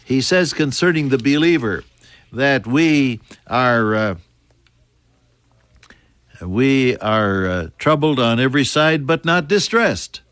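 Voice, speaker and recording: A man preaching a sermon in an earnest way, rising high for emphasis and dropping soft and low. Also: animated, slow, clear, resonant tone, dry recording, clean studio sound.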